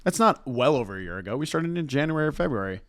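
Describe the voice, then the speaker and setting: A man's voice: mid-range voice, expressive, quick pace, a bit bright. A man co-hosting a podcast, chatting casually with a dry, teasing wit. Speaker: podcast co-host. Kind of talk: casual chat.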